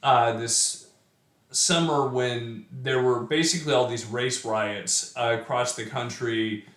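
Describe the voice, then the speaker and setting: A man's voice: mid-range voice, steady tone, slow, fairly bright tone, roomy sound. A man giving an informal lesson on a poem, thinking aloud with many fillers and restarts. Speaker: poetry teacher. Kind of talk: informal poetry lecture.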